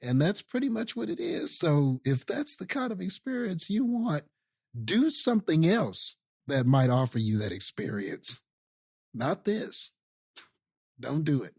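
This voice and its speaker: A man's voice: on the high side, sing-song, unhurried, gravelly, a little mellow, husky, dry recording, studio quality. A man co-hosting a podcast, mocking a movie with sarcastic quips. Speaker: podcast co-host. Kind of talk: casual movie review chat.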